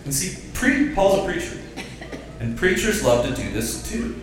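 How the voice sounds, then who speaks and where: A man's voice: fairly high pitch, sing-song, normal speed, a little hiss or hum. A man preaching a sermon as pastor, drawing the congregation into call-and-response. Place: church sanctuary. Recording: very echoey church hall, distant mic.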